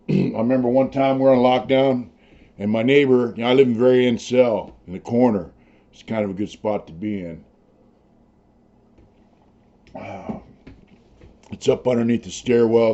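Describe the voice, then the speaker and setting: A man's voice: lowish voice, warm tone, dull audio. An older man, a former prisoner, telling his stories in a rambling, profane, casual way full of "you know". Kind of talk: casual storytelling.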